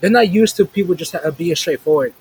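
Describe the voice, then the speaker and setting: Man, podcast co-host, blunt slangy casual talk, halting, faint background noise. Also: fairly high pitch. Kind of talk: casual chat.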